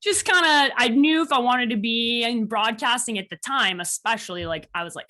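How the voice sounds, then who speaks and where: A woman in her thirties from Chicago with a slight Chicago accent, a guest telling stories in a casual interview with animated delivery. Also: on the high side, normal speed, hardly any pauses. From Chicago, USA. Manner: animated, quotes people in lively voices. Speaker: podcast guest.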